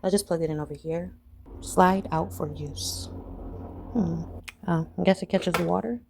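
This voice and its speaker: Chatty vlogger woman, slightly low voice. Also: normal speed, gravelly, very noisy. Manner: chatty storytelling, animated when retelling. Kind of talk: casual chat to camera. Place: home, indoors.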